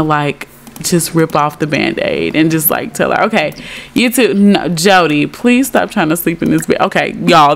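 A young woman giving casual, giggly commentary over a life-simulation game, chatting to her viewers. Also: lowish voice. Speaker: Sims let's play creator.

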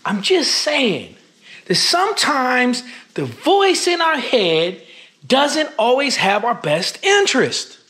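A man's voice: extremely high pitch, sing-song, takes it slowly, slightly rough. A man talking to camera in a reflective personal vlog, earnest and emphatic, using casual slang. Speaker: vlogger. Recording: music playing loudly behind the voice. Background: background music.

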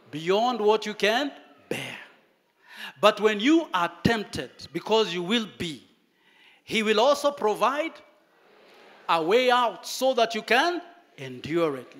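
Preacher, male, high voice, animated storytelling sermon delivery.

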